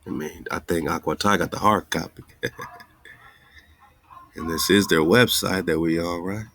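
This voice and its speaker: A man's voice: low voice, steady tone, moderate pace, fairly bright tone. A man hosting an online radio show, talking loosely and straight to his listeners with an exasperated, easygoing manner. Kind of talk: casual live-stream talk.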